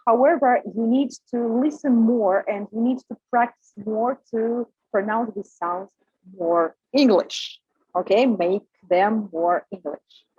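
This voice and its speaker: A young woman teaching a pronunciation lesson, speaking haltingly with many fillers. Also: fairly high pitch, a little mellow, husky, dry recording. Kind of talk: recorded micro lesson. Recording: dry, dull lo-fi sound.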